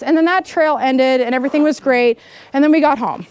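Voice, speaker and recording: A woman in her thirties giving a storytelling keynote speech, animated, laughing often and acting out the people in her story. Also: high voice, normal speed. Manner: animated, laughing, acts out dialogue. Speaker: keynote speaker. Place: outdoor camp gathering.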